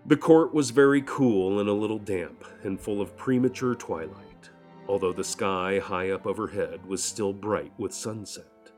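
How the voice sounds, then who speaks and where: A man narrating an audiobook in a measured, solemn manner. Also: fairly low pitch, a little mellow. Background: faint violin music.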